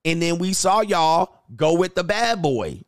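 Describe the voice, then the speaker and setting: A man's voice: a little high, lively intonation, unhurried, smooth, dry recording, clean studio sound. A man hosting a reaction channel, giving casual, profane dating commentary and acting out voices of the people he quotes.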